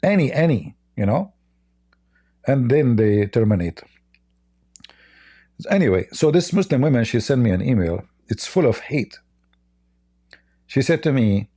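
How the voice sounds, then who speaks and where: Mellow-voiced mocking male stream host. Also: mid-range voice, lively intonation, dry recording, clean studio sound. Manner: mocking, sarcastic, halting. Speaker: Christian apologist livestream host. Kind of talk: casual live debate stream.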